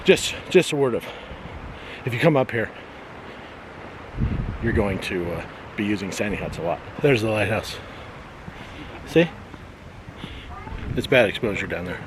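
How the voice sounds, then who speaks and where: Man, casual vlogger, deadpan sarcastic jokes, outdoors on a coastal cliff, noisy camera audio. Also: on the low side, measured pace, long pauses. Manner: dry joking, sarcastic asides. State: out of breath on a steep hill. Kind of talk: casual vlog narration. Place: outdoors on a windy coastal cape.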